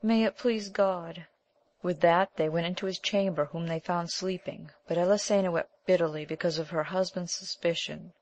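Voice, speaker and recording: A woman narrating an old chivalric romance as scripted audiobook narration, in a measured, even reading. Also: fairly low pitch.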